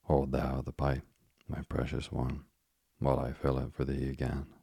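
Man reading as an old storybook witch, very deep voice, gravelly, dry. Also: monotone, normal speed, mellow, dry recording, heavily acted. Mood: doting. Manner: archaic fond speech. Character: doting old female witch.

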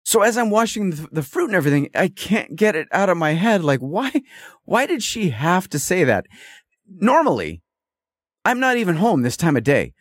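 A man's voice: high voice, big pitch swings, normal speed, dry recording, studio quality. A man hosting a podcast, telling a story in a rambling, exasperated casual monologue. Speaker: podcast host.

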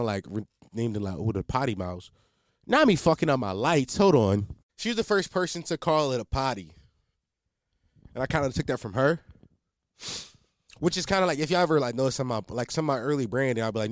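A man's voice: mid-range voice, dry recording, studio quality. A man in his twenties hosting his own podcast, talking casually in a rambling, profane way with many restarts. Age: 20s. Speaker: podcast host. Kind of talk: casual solo podcast chat. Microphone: close podcast mic in a home setup.

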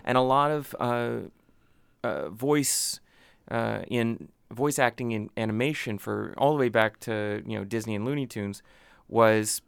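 Podcast co-host, low smooth voice, dry close sound, explains at length, teases dryly. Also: male voice, unhurried, dry recording. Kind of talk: casual chat, explaining.

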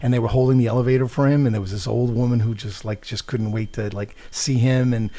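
Animated man telling stories. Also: medium pitch, fast. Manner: animated, acts out voices in anecdotes. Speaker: guest comedian. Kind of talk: casual storytelling.

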